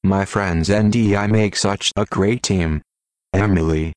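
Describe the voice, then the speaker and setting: Deep robotic dude voice reading posts flat, spells stuff out letter by letter, totally dry sound. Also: male voice, slow pace, dry recording. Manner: monotone, spells out links letter by letter. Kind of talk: rapid automated read-out of short posts.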